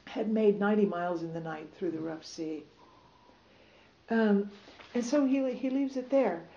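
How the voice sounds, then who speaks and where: A woman reading a passage aloud to an audience, then talking it over in a relaxed, loose way. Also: medium pitch, a little slow. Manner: relaxed, loose, many fillers. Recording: roomy, slightly dull recording.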